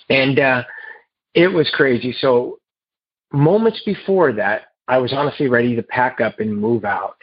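A man telling his recovery story to a meeting in a halting, earnest way, heard over a phone. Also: medium pitch, breathy edge, no echo. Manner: halting and earnest, with repeated restarts. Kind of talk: personal recovery story told to a group. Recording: muffled phone line.

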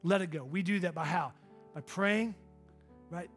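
A middle-aged man preaching a sermon to a congregation in a church hall, emphatic and swinging from loud to hushed. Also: sits high, measured pace, soft background music. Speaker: pastor.

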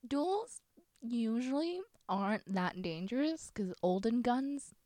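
A woman's voice: fairly high pitch, lively intonation, takes it slowly, warm tone, dry recording. A young woman co-hosting a podcast, chatting casually about a book with jokey, exclaiming asides. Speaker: podcast co-host.

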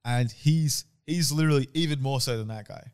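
A man's voice: mid-range voice, a little fast, smooth. A young man co-hosting a podcast, chatting casually and swearing freely as he tells stories. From Australia. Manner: profane, laid-back storytelling. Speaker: podcast co-host. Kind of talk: casual chat.

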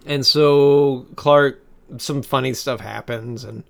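Taking his time, a man with a medium-pitched voice and vocal fry co-hosts a podcast, animatedly recounting movie scenes in casual conversation. His telling rambles, with many restarts.

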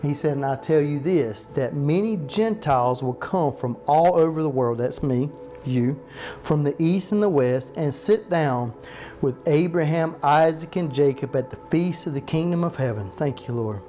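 A man preaching a sermon, reading scripture slowly for emphasis and asking the listeners questions. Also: on the high side, lively intonation, dark tone, faint music behind. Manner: slows down to stress verses, asks the listeners questions.

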